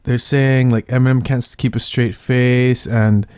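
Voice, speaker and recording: A man's voice: mid-range voice, steady tone, a little slow, darkish tone, smooth. A man giving rambling casual commentary over video clips, full of fillers and restarts.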